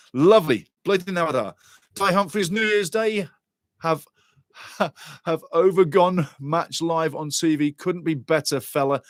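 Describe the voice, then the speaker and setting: Excitable older Welsh-raised man hosting. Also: on the high side, no room sound, clean studio sound. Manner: excitable, jokey, bursts into shouting. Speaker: football watchalong host. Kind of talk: live-stream chat reading viewer comments.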